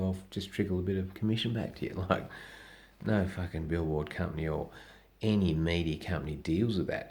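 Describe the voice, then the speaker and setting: A man's voice: deep voice, vocal fry, a little mellow. A middle-aged man, a comedian vlogger, rambling bluntly in a casual rant and swearing constantly.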